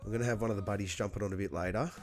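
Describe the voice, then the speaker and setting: A man's voice: fairly low pitch, fairly even intonation, racing, a little mellow, faint music behind. A man hosting a casual livestream chat, swearing freely and calling everyone mate, still coughing after being ill. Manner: laid-back, swears a lot, matey. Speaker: livestream host.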